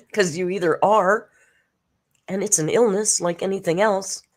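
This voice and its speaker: A woman hosting a live reaction stream, chatting casually, greeting viewers by name and laughing often. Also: medium pitch.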